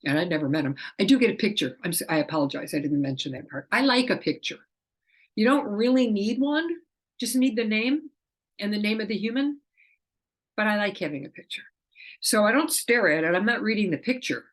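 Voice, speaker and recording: A woman's voice: medium pitch, a little fast. A middle-aged woman explaining her work as an animal communicator in a casual, chatty way, often acting out the quoted dialogue. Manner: chatty, acts out quoted dialogue in lively voices.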